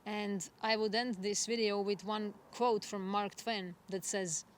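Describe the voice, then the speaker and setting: A woman astrologer giving a spiritual forecast monologue, gentle and reflective, unhurried and earnest. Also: mid-range voice, fairly even intonation, slight background noise. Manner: gentle, reflective, soft laughs.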